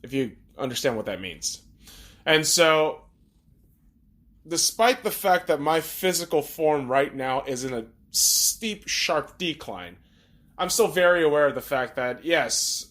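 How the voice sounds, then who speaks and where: A man's voice: fairly high pitch, lively intonation, a little slow, a bit bright. A man hosting a podcast, talking in a blunt, profane, ranting monologue. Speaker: podcast host.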